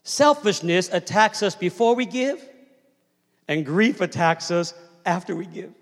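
A pastor in his fifties preaches a sermon in a high-pitched, lively voice, speaking a little slowly. He tells family stories in a conversational way and asks the congregation to respond. The long reverb of a large hall surrounds his words.

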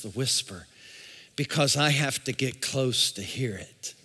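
A male pastor preaching a sermon, calling out to the congregation and swinging from shouts to a near-whisper. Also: medium pitch, unhurried, husky. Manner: call-and-response preaching. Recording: long reverb in a large hall.

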